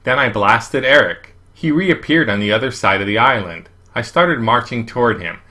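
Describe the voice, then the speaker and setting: A man reading a children's novel aloud in first person, with a lively, emphatic delivery. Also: mid-range voice, normal speed. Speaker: audiobook reader. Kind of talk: first-person storybook narration.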